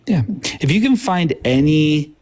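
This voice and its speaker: A man's voice: a little high, very animated, a little slow, darkish tone. A man co-hosting a casual live debate stream, argumentative and insistent, often repeating his points. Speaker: podcast co-host.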